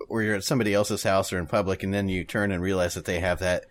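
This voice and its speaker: A man's voice: sits low, fairly even intonation, fast, a little hiss or hum. A married man co-hosting a podcast, chatting casually, laughing often and swearing freely. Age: adult, married. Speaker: podcast co-host. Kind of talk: casual rambling chat.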